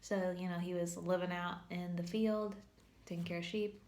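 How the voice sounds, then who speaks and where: At church, a woman teaches a casual, humorous Bible lesson in a somewhat low, slightly mellow voice with a level tone. She speaks at normal speed, chatty and full of filler words, saying "like" a lot.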